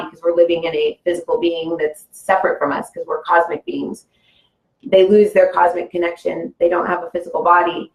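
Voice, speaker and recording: Rambling low-voiced woman in an echoey room. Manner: rambling, full of "like" and "you know". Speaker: guest. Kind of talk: casual spiritual conversation.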